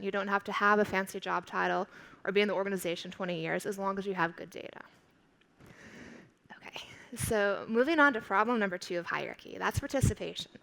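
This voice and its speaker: A woman professor giving a conference keynote speech in a clear, instructive and emphatic way. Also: mid-range voice, fairly bright tone, rough recording. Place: large conference stage.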